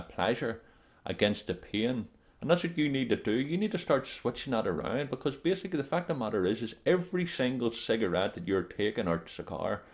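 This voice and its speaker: A man working as a life coach, giving a blunt, emphatic motivational talk straight to the camera and repeating his warnings. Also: fairly low pitch.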